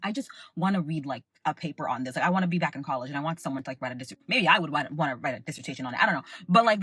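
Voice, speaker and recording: Fast-talking husky young woman ranting. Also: lowish voice, fairly bright tone, dry recording. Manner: emphatic, rambling, heavy use of filler words. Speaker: podcast host and content creator. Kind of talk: casual commentary rant.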